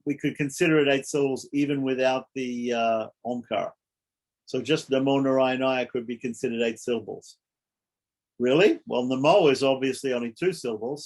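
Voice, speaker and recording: A man teaching a scripture study class, explaining carefully, repeating points and often checking that listeners follow. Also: medium pitch.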